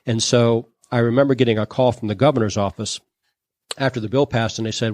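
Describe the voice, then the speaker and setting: A man's voice: medium pitch, fairly quick, no echo. Man telling a story in a dry studio. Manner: animated, acts out quoted dialogue. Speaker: interview guest. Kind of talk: conversational storytelling. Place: recording studio. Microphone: studio microphone.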